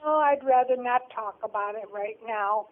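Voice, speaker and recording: An older woman speaks through a narrow, tinny phone line. She is the host's grandmother, answering in short, calm replies during a casual podcast chat. Her voice sits slightly high. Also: moderate pace. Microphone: phone call.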